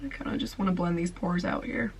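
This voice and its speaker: Young female beauty vlogger, sleepy, gravelly low voice, chatty filler-heavy delivery. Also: fast, darkish tone, slight background noise, low-quality recording. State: sleepy, tired voice. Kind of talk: casual makeup tutorial.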